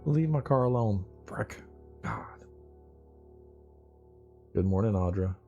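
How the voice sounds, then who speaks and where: A man hosts a loose morning livestream and talks straight to his viewers. His voice sits low and sounds mellow and warm. He rambles, teases his regulars and drops casual profanity, with faint music playing in the background. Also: expressive, slow, dull audio. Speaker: livestream host.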